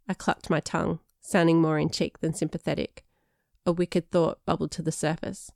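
Woman reading a first-person story, low voice, dry close mic, lively delivery. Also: normal speed, gravelly, dry recording. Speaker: audiobook narrator.

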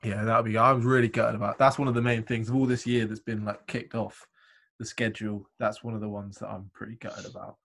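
A man's voice: on the low side, little pitch movement, fairly quick, creaky, a bit bright. A man, co-hosting a podcast in casual chat, telling rambling, sweary stories. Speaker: podcast co-host.

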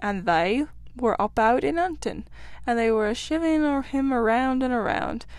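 A woman voicing a cheerful, hearty male otter who tells his tale in a lively, outspoken way. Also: a little high, moderate pace, no echo. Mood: storytelling.

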